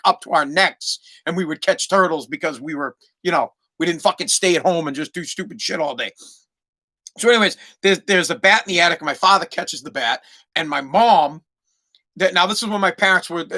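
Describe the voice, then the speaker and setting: A man's voice: sits high, bright, forceful tone. A man hosting a podcast in a heated, profane rant, often repeating words as he stumbles to get his point out. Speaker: podcast host.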